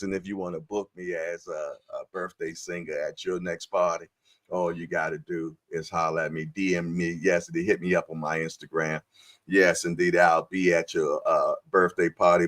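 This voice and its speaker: A man's voice: deep voice, dry recording, studio quality. A man hosting a casual live-stream boxing show, talking in laid-back slangy banter. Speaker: boxing news show host.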